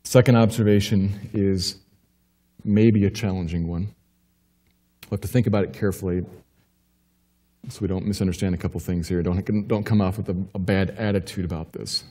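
A man's voice: fairly even intonation, moderate pace, pauses often. Man preaching a sermon in a reverberant church. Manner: emphatic preaching, swinging from urgent high-pitched questions to low quiet assurance. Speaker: pastor. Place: church sanctuary.

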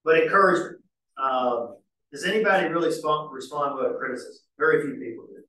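A pastor teaching a marriage class in a casual, folksy way with homespun examples. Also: male voice, on the high side, expressive, a little fast, sharp tone. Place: church hall. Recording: very echoey church room, mic far off.

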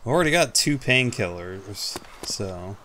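A man's voice: on the low side, animated, unhurried, pushed and bright, slight background noise. A man giving casual, rambling commentary over his own gameplay, self-mocking and casually swearing. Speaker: gaming YouTuber.

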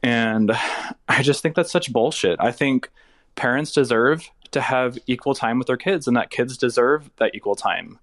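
A man from Texas leaving a recorded voicemail question for a podcast, earnest and steady. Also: medium pitch, moderate pace, no echo. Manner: earnest and steady, plainly stating a grievance. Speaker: caller.

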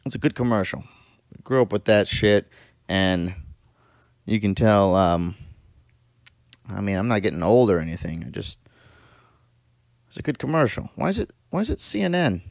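A man's voice: lowish voice, big pitch swings, normal speed, gravelly, pauses often, dry recording, clean studio sound. A man in his thirties hosting a reaction video, talking casually, laughing often and swearing freely. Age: 30s.

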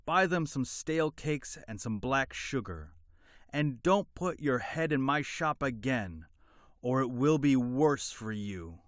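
A man's voice: medium pitch, very animated, unhurried, no room sound. Greedy, hot-tempered bazaar merchant, put on by a male narrator; raised, scornful, dry storybook read. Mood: angry, scornful. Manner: shouting insults, scornful.

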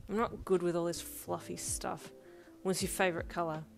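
A woman's voice: lowish voice, steady tone, normal speed, gravelly. A woman voicing a brash, hot-tempered young man in a fan fiction audiobook, curt and growling, with lofi music underneath. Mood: gruff. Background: lofi beat.

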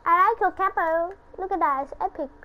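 A woman giving casual commentary over her own gameplay, excitable and taunting other players. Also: very high voice, brisk, rough recording.

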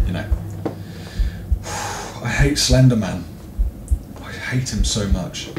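A man's voice: fairly low pitch, takes it slowly, reverberant, background noise. A young man commenting on a horror game as he plays, jumpy and frustrated, swearing often. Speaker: gaming video host.

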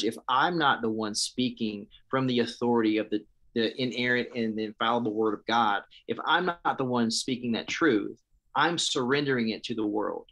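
In an interview, a pastor in his thirties gives his testimony with a somewhat bright, mid-range voice. The tone is heartfelt and passionate, with a preacher's cadence and many restarted sentences.

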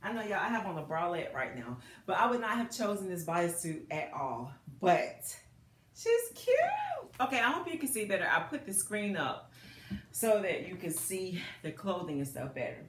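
Animated woman vlogger. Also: fairly low pitch, normal speed. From United States. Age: middle-aged. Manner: animated, laughing, addresses viewers as girl and y'all. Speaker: fashion vlogger. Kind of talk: casual chatty try-on haul. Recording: echoey room.

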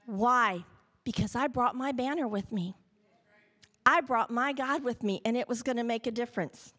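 A middle-aged woman, giving an animated spoken testimony to a church congregation and acting out the voices she quotes. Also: fairly high pitch, moderate pace. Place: church sanctuary.

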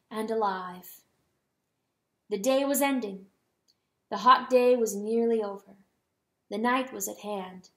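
A woman giving a dramatic reading of a storybook, slowing down on solemn words. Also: on the high side, fairly bright tone. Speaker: audiobook reader. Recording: roomy echo.

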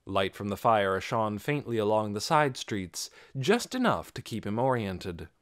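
A man reading an audiobook aloud with expressive storytelling. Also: fairly low pitch, a little slow, no room sound, clean studio sound. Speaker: audiobook narrator. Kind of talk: scripted audiobook narration.

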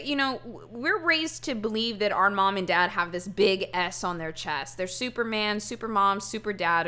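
A woman's voice: a little high, pushed and bright. A woman streamer reacting bluntly to a true crime interview, swearing and arguing with chat. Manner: blunt, profane, incredulous. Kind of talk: casual reaction commentary.

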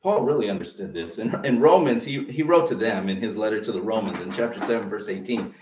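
A man's voice: lowish voice, lively intonation, quick pace, darkish tone, far from the mic. A male pastor giving a conversational sermon in a church, acting out the voices he quotes. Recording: echoey room, voice off-mic.

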